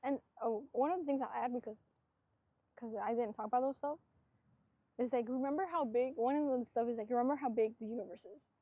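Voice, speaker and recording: Woman, fairly high voice, mellow tone, rambling casual podcast talk, dry close sound. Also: brisk, dry recording. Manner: rambling, reflective, heavy use of "like"; earnest, self-searching. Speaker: podcast host.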